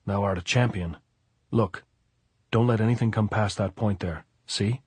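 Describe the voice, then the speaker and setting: A man voicing a calm American demolition expert giving firm, steady instructions in an audiobook. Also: fairly low pitch, moderate pace, husky, dry recording. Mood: directing. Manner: instructive, steady, archaic speech. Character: American dynamiter, calm, exacting commander.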